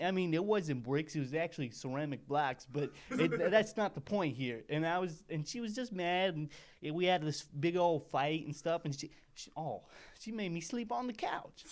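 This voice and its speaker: A man's voice: fairly high pitch, lightly acted. A man voicing a poor, rambling small-time mafia henchman who talks like a tough guy and keeps digressing, as a comedic monologue.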